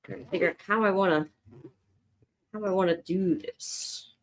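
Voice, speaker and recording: A woman's voice: lowish voice, steady tone, normal speed. A woman hosting a live sketch session as an art teacher, chatting casually and thinking aloud as she draws. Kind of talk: casual live drawing stream.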